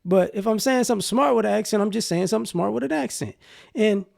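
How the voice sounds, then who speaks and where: A man's voice: high voice, fast, creaky, darkish tone. A man with a Southern US accent talking through his opinions in a casual, rambling vlog, full of fillers. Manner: rambling, conversational, many fillers. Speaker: vlogger.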